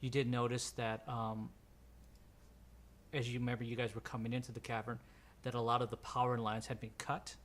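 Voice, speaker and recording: A man's voice: mid-range voice, little pitch movement, brisk, fairly bright tone. A man narrating a tabletop role-playing game as game master, rambling and filling his descriptions with ums and restarts.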